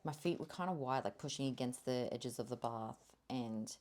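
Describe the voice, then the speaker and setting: A young woman telling her birth story as a podcast guest, candid and animated, swearing freely and often laughing. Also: very deep voice, normal speed. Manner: animated, swears freely, laughs often, drops to a whisper when quoting herself.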